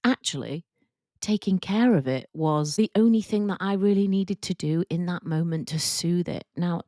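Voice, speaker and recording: Soft-spoken woman podcaster, lowish voice. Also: no room sound, studio quality. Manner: soft, reflective and openly emotional, with casual fillers. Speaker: podcast host and work confidence coach. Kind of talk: candid personal storytelling on a podcast.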